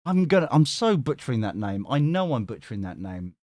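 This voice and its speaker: Male stream host, casual and chatty, bouncy pitch, dry close sound, laughs and swears freely. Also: very animated, fairly quick, darkish tone, dry recording. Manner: chatty, laughs often, swears, reads chat aloud. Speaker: tarot reader and stream host. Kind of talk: casual live-stream chat.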